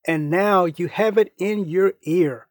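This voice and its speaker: A man's voice: high voice, takes it slowly, dry recording, clean studio sound. A man voicing an exasperated young woman who scolds in a raised voice. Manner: sharp, exasperated.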